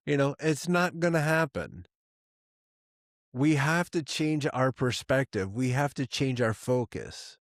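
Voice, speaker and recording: Slow, laid-back male podcast host. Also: medium pitch, animated, dry recording, clean studio sound. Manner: laid-back, laughs often, halting restarts. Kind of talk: casual podcast chat.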